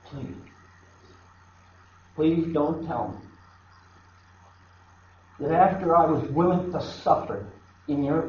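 A man voicing Jesus on the cross, softly pleading and begging again and again in a slow, grieving voice. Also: a little high. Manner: repeated pleading, soft and slow. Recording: echoey, dull hall recording.

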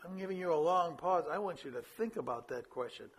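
A man preaching a sermon, teaching how to share faith, swinging between quick bursts and slow, quiet emphasis. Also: expressive, slightly rough. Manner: varies pace and loudness, drops low for emphasis. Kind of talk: sermon on evangelism.

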